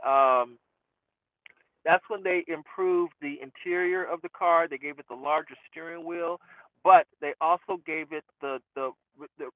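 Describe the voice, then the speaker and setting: A chatty man talks casually to his viewers, amused at his own jokes and pausing on fillers. His voice sits a little high for a man. The sound is thin and tinny, like a phone line, with no room echo. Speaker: rideshare driver and channel host. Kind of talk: casual talk to camera answering viewer questions. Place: inside a car.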